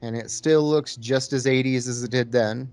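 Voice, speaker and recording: A man's voice: medium pitch, steady tone, moderate pace, a little mellow, dry recording. A young man co-hosting a podcast, telling a movie's story in a laid-back way with crude jokes. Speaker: podcast co-host. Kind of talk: casual movie-riffing chat.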